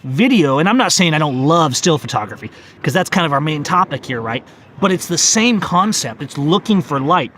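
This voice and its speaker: A man in his forties vlogging outdoors in a park, talking excitedly about photography and often restarting his phrases. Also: fairly high pitch, moderate pace, slight background noise. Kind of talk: casual outdoor vlog.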